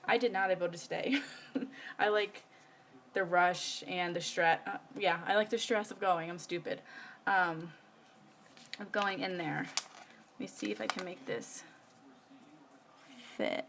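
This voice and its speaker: A woman's voice: on the low side, steady tone, takes it slowly, gravelly, pauses often, fairly bright tone, slight background noise. A woman, chatting casually while she works on her planner during a live stream, rambling with many fillers. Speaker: planner vlogger. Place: home.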